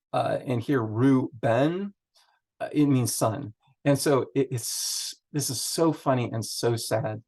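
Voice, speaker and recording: A man's voice: mid-range voice, a little mellow. A man leading a Bible study, chatting through the text in a loose, thinking-aloud way with many fillers. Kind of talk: casual Bible teaching.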